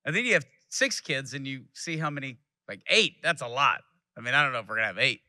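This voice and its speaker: Delivering a keynote to a live audience, a Texan man in his thirties tells family stories and acts out the quotes. His mid-range voice is animated, fast, bright and forceful, with no room sound.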